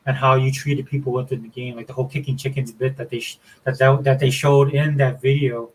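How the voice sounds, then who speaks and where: A man's voice: medium pitch, flat delivery, a little fast, poor audio. A man from Florida hosting a casual gaming show, rambling with enthusiasm and saying "dude" and "man" often. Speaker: show host.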